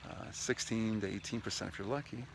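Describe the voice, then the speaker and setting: Speaking briskly in a steady, fairly low voice with vocal fry, this man records a casual vlog monologue beside a lake with lapping waves, and a slight hiss or hum sits under it. He's talkative and upbeat, weaving stories into his sales advice and turning mid-video to address his dog.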